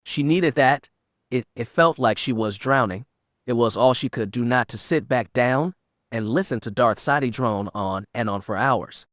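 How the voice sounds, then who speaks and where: With a mid-range voice, a man tells an audiobook story at a steady, measured pace. The studio sound is clean, with no room sound.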